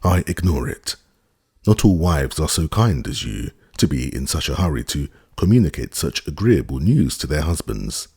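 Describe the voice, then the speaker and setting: A man's voice: extremely low pitch, very animated, normal speed, gravelly, a little mellow, slightly rough, no room sound, studio quality, full character voice. A man voicing a cold, sarcastic middle-aged husband in an audiobook, stiff and contemptuous. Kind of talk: audiobook character reading.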